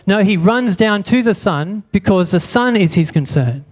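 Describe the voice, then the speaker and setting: Brief: male pastor, fairly high voice, preaching and quizzing the congregation in church. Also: lively intonation, moderate pace, hardly any pauses. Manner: asks the congregation many rhetorical questions. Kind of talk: sermon.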